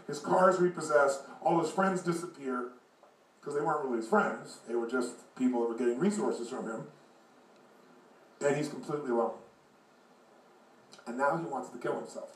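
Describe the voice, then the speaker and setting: Man, motivational speaker, high voice, animated storytelling, echoey room, distant mic. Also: brisk.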